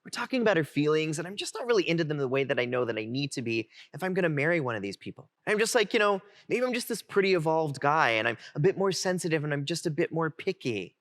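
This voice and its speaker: A man in his twenties giving a heartfelt keynote, telling his own story in an animated way. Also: on the high side, fast, few pauses. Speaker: keynote speaker. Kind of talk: personal storytelling talk. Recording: music playing underneath.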